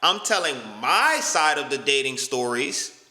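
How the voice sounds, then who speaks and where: An exasperated young man talks back to a video about himself, incredulous and full of swearing. His voice is bright and jumps around a lot. The room is echoey, with a long reverb tail. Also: on the high side, big pitch swings, unhurried. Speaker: YouTuber reacting to a critic's video. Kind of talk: casual reaction commentary.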